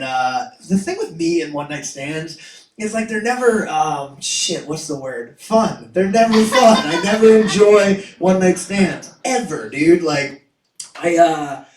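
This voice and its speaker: A young man performs stand-up on a club stage, crude and self-mocking, with a high voice that breaks into loud shouting. He sounds a bit far from the mic, and the room rings with echo. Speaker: stand-up comedian. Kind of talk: stand-up comedy set. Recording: echoey room, mic heard from afar.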